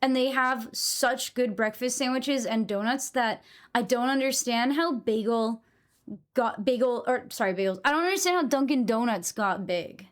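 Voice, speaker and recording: A woman's voice: fairly high pitch, moderate pace. A young woman from New England chatting casually with her live stream audience, blunt and given to swearing.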